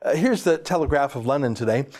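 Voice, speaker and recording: Sarcastic man, lively pitch. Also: quick pace. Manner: sarcastic, mocking, emphatic. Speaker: political commentator. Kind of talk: opinionated news commentary.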